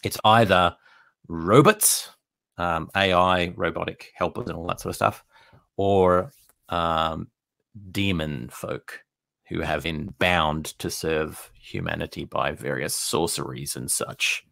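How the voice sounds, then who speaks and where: A man's voice: deep voice, slow, vocal fry, pushed and bright, no echo. A man with an Australian accent hosting a podcast interview, asking playful quiz-style questions. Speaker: podcast host.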